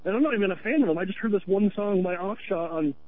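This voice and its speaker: A man from Vermont calls into a radio show and rambles on earnestly in a chatty way. His voice sits high for a man and comes through a tinny telephone line. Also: fast, slight background noise. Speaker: caller. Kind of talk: phone-in radio talk.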